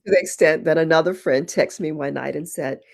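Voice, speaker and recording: A woman's voice: low voice, fairly quick, vocal fry. A woman guest on a podcast, reflective and thoughtful, telling personal stories and acting out the quoted dialogue in them. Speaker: podcast guest, poet and retreat founder. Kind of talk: reflective conversational storytelling.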